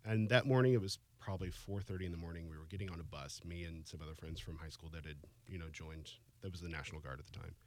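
A man in his forties shares a personal story in casual chat, softly and haltingly, with emotion close to the surface. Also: sits low, a little hiss or hum. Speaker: guest.

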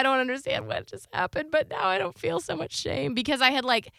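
Casting: woman co-host, bright clear voice, candid and confessional, close dry mic. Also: high-pitched, expressive, brisk, few pauses, dry recording. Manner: open, confessional, swears casually. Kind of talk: candid conversational storytelling.

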